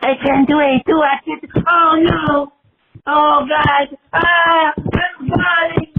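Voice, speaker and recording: A man's voice: extremely high pitch, level tone, slow, full character voice. A man voicing a whiny little gold-hoarding creature, leaving a pleading voicemail. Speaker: caller. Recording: tinny phone voicemail with hiss.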